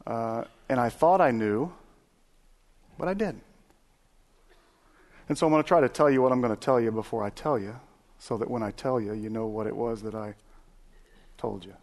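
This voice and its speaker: A man's voice: mid-range voice, normal speed, long pauses. Folksy preacher man. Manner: folksy, animated storytelling with many fillers and restarts. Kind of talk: sermon.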